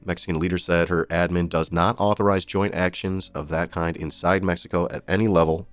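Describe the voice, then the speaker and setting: Deep-voiced man doing sarcastic news commentary. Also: fairly even intonation, brisk, faint music behind. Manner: sarcastic, profane asides while reading headlines. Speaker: live stream host. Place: streaming setup.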